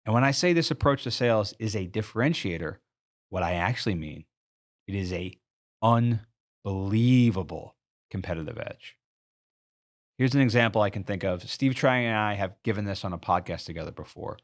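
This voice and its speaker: Low-voiced man coaching on sales. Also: animated, normal speed. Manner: earnest, explains through a walked-through store example. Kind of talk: sales training talk.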